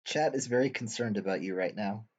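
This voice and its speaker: A man co-hosting a reaction stream, talking in a dry, easygoing, gently teasing way. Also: on the low side, brisk, slightly rough. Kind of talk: casual chat.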